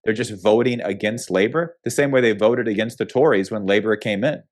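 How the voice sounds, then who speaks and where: A man's voice: on the low side, brisk. Opinionated American man, emphatic commentary. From United States. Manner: opinionated, emphatic, frequent restarts and fillers. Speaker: guest. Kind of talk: casual political interview.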